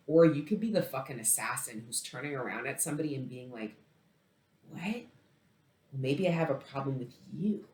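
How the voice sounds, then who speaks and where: A woman giving a casual tarot reading, emphatic and swearing freely, with big swings between loud outbursts and low murmurs. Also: background noise. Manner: emphatic, heavy swearing, dramatic swings in loudness. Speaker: tarot reader. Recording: roomy echo.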